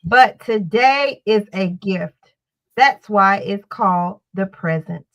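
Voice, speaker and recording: A woman guest on a live show delivering a saying slowly and deliberately. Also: mid-range voice, fairly bright tone, low-quality recording.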